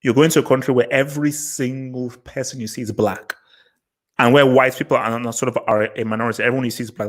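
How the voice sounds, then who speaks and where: A man from Nigeria, hosting a live panel chat in a rambling way full of fillers and quick laughs. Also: mid-range voice, low-quality recording. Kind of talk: casual panel discussion.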